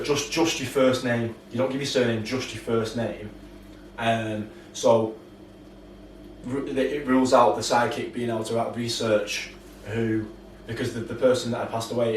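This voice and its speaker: Man, low voice, careful storytelling, roomy room, far from mic. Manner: careful, slow storytelling with fillers. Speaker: podcast co-host. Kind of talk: casual chat. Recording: roomy, distant mic with faint noise.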